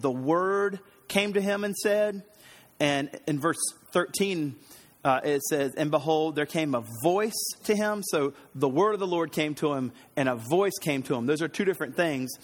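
A man preaching an earnest, conversational sermon, slightly hoarse, often restarting his sentences. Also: on the high side, big-room sound. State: slightly hoarse, throat trouble.

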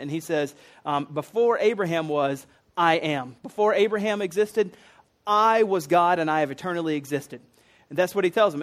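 A man preaching a conversational sermon, explaining loosely with fillers and restarts. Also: high-pitched. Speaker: pastor teaching a series.

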